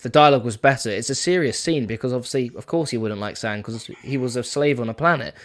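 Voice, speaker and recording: A man's voice: mid-range voice, quick pace. A British man, a guest on a livestream, chatting casually with plenty of hedging fillers over a home microphone. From United Kingdom.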